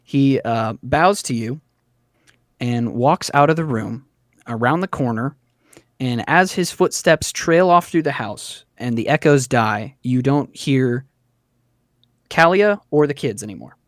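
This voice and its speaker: A man's voice: medium pitch, expressive, a little slow, dry recording, studio quality. Chatty man narrating as game master. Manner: loose, chatty narration with many fillers.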